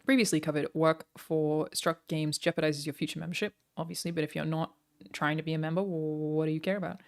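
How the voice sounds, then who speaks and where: A woman's voice: low-pitched, fairly even intonation, brisk. An Australian woman livestreamer chatting casually with her viewers, joking and self-deprecating.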